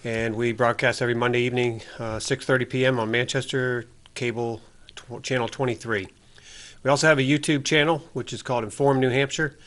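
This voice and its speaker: A man hosting a local public-access cable talk show, speaking earnestly and haltingly with many fillers. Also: mid-range voice, steady tone, fairly bright tone. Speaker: host.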